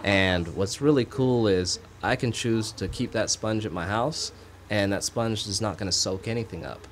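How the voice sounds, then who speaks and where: A man's voice: on the low side, moderate pace, slight background noise. A man talking as a guest on an online talk radio show, earnest and rambling, laughing easily. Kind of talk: casual interview talk.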